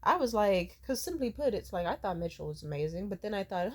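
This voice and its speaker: Woman in her 20s, vlog rant, profane, rambling, emotionally charged, mid-pitched voice. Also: big pitch swings, fairly quick, hardly any pauses. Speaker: vlogger. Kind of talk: ranting personal vent.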